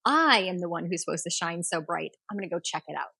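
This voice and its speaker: A proud young sun god in a told myth, boastful and scornful, as a woman storyteller puts him on. His voice is a touch lower than the teller's own. The room is dry and close. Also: expressive, quick pace, creaky, pushed and bright, husky, no echo, exaggerated voice. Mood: curious. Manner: boastful, then mocking.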